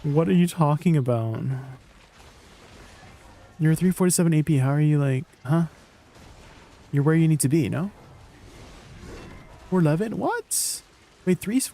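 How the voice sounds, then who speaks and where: A young man streaming a game replies to his chat with teasing disbelief. His voice is on the high side yet dark in tone, creaky and husky.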